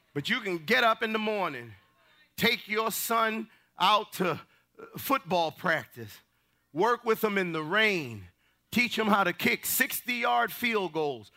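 A man preaching a fiery sermon in a high, gravelly voice. His tone is bright and sharp. He builds into shouts and drops into folksy asides. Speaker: pastor.

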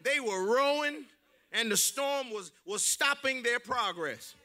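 A male preacher delivering a rousing call-and-response sermon, swinging from quiet to shouting. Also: extremely high pitch, animated, slow pace.

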